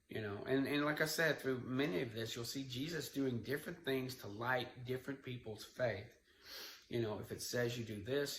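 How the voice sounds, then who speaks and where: A man's voice: medium pitch, fairly bright tone. A man giving an informal Bible study, retelling the story in a conversational way with asides. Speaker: Bible teacher. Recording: echoey room with faint background noise.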